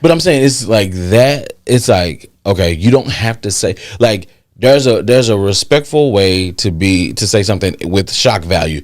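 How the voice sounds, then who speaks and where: A man hosting a podcast in casual chat, animated and swearing freely. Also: moderate pace, hardly any pauses, no echo, clean studio sound. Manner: animated, acts out reactions in a loud high voice. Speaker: podcast host.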